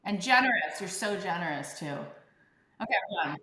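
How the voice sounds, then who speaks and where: Low-voiced effusive woman guest, roomy sound. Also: lively intonation, moderate pace, pushed and bright. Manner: effusive, reflective, many likes and restarts. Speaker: podcaster and author, guest. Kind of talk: casual interview chat.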